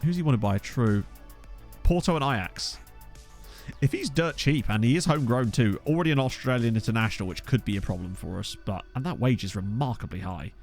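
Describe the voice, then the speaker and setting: A man's voice: mid-range voice, animated, a little fast, darkish tone, soft background music. Chatty man narrating a game. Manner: chatty, self-mocking, thinks aloud. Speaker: gaming YouTuber. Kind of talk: casual let's-play commentary. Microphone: USB desk microphone.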